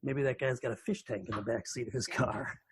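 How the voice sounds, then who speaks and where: A man in recovery shares a personal story as a podcast guest. His voice is husky, and he talks in lively bursts full of restarts and repeated words. The sound is dry with no room echo. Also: mid-range voice, fairly quick.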